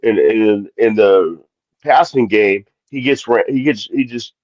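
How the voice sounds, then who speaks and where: A man in casual podcast chat, joking and quick to chime in. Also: lowish voice, a little mellow, dry recording. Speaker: podcast co-host. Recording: dull dry remote mic.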